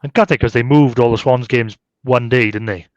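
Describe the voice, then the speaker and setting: A man's voice: mid-range voice, normal speed, dry recording. A man co-hosting a football podcast, rambling casually with lots of fillers and tag questions. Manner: chatty, rambling, heavy use of "like" and tag questions. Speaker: podcast co-host. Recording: slightly dull lo-fi sound.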